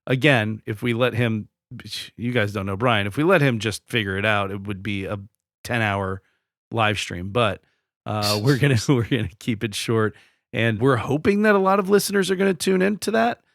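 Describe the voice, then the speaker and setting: A man's voice: on the low side, normal speed, creaky, fairly bright tone, no echo, clean studio sound. A man co-hosting a casual podcast, talking in a laid-back, rambling way with filler words. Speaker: podcast co-host.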